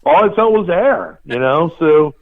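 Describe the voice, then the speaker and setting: A man hosting a podcast, telling animated stories and laughing at himself in casual chat. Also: fairly high pitch, unhurried, creaky. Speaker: podcast host. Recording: tinny phone-like line.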